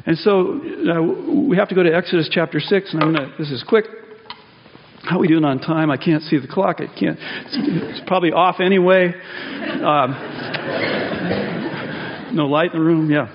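Guy preaching, fairly high voice, chatty and restarts a lot, pushes up loud on the big points, echoey church sound a bit muffled. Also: normal speed, long pauses, background noise. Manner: conversational, self-interrupting, rises emphatically on key points. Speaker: pastor. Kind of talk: sermon. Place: church sanctuary. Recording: dull audio with long hall reverb.

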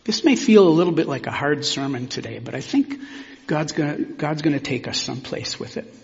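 A man, a pastor preaching a sermon in a church sanctuary, in a measured, reflective way with pauses. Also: a little high, lively intonation, creaky, darkish tone. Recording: long hall reverb, dull sound.

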